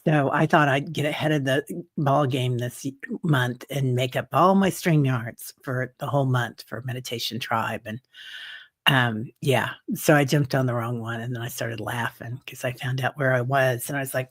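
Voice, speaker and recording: A woman hosting a meditation group, chatting gently with viewers, greeting them by name and laughing often, a little teary. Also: very deep voice, steady tone, normal speed. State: teary-eyed. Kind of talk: casual livestream chat. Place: home, streaming on camera.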